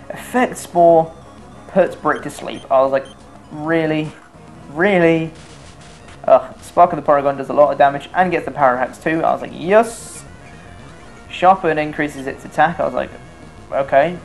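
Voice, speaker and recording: A man's voice: medium pitch, vocal fry. A young man giving casual, self-mocking commentary over his own video game run, swearing freely. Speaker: let's play commentator.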